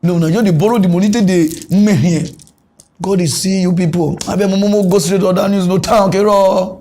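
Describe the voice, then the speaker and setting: Ranting Nigerian Pidgin man, high voice. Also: fast talker, a little hiss or hum. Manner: animated ranting, chuckles often. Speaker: mock news host. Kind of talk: comic mock news rant.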